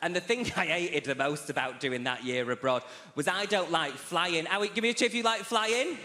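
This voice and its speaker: Bright, chatty man doing stand-up. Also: on the high side, brisk. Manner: chatty, camp, teasing the audience. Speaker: stand-up comedian. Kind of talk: stand-up routine. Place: large theatre stage. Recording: echoey theatre.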